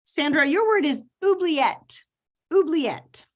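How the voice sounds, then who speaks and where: A woman acting as spelling bee pronouncer, enunciating each word slowly and clearly over a video call. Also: sits high, expressive. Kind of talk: reading words and sentences aloud.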